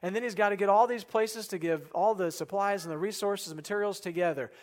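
A man preaching a sermon in an earnest way, asking the listeners questions and dropping soft and low for quoted prayers. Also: fairly quick. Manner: asks the congregation rhetorical questions. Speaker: pastor.

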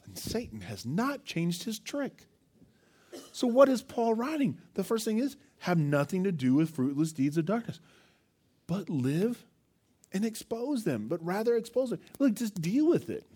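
A man's voice: sits high, unhurried, breathy edge. A male pastor preaching a sermon, telling stories with animation and asking the congregation questions. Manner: animated storytelling, acts out quotes, asks the listeners questions.

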